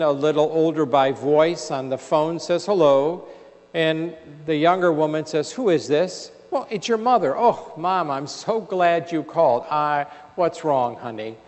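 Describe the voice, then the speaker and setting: A man giving a homily as a priest, telling a story in measured preaching. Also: on the high side. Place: large church. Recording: reverberant church hall.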